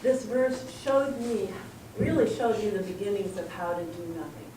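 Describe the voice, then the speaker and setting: A woman's voice: mid-range voice, fairly even intonation, normal speed, mellow. A middle-aged woman giving a personal spiritual talk, telling stories and acting out dialogue. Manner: storytelling, acts out dialogue. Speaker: spiritual speaker. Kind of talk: sermon-style personal talk. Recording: echoey room from far off, faint noise.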